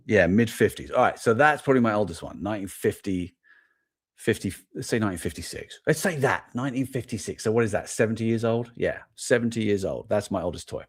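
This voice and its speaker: A middle-aged man with an English accent, hosting a toy show in a loose, rambling live chat, thinking aloud and amused at himself. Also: fairly low pitch. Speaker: toy podcast host. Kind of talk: casual live-stream chat.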